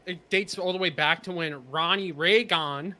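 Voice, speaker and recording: A man's voice: a little high, normal speed, pushed and bright. A man co-hosting a podcast over a video call, earnestly explaining his views. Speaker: podcast co-host. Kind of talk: casual chat. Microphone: home mic on a video call.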